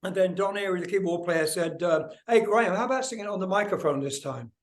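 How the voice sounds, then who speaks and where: Older male guest, high-ish voice, lively storyteller, swears a lot. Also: fast talker. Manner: animated, swears freely, acts out voices in anecdotes. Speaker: guest musician. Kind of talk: casual storytelling interview.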